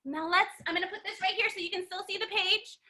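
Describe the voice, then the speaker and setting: A woman's voice: very high voice, fairly even intonation, fast talker, sharp tone. A young woman teaching a story-time yoga class for children in an encouraging, sing-song way, recorded on her computer's microphone. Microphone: computer mic.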